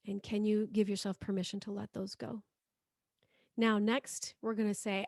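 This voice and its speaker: Soft-spoken woman leading a guided prayer. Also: medium pitch, little pitch movement, creaky, studio quality. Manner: soft, slow, repeats phrases for listeners to echo. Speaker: spiritual healing teacher. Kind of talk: guided prayer and healing exercise.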